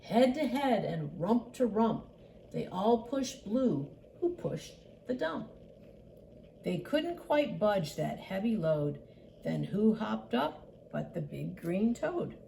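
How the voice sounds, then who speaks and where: An older woman reads a picture book aloud as a grandmother would, voicing the animal sounds as she goes. Her voice is mellow and soft, and her pitch rises and falls in a lively, sing-song way. The pace is slow and unhurried. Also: vocal fry, slight background noise.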